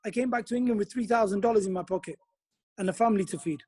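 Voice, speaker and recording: A man's voice: high-pitched, racing, a little mellow, slightly rough, dry recording. A man talking as a guest in a casual chat, giving emphatic advice. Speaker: guest, businessman.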